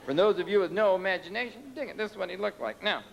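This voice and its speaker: A man's voice: high-pitched, animated, fast, gravelly. A man doing a stand-up comedy set, talking brashly and ranting with profanity in front of a live audience in a large concert venue. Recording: live concert tape with crowd noise. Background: laughing crowd.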